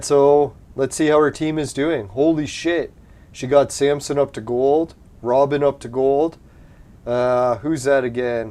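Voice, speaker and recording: A man with a medium-pitched, slightly mellow voice runs a gaming channel, giving casual let's-play commentary as he plays. He laughs frequently and doesn't hold back on swearing.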